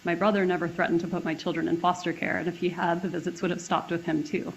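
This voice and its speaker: A woman testifying as a witness under cross-examination, defensive and firm, quickly correcting the questioner. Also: on the low side, level tone, gravelly, slight background noise. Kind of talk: courtroom testimony. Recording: dull courtroom broadcast audio.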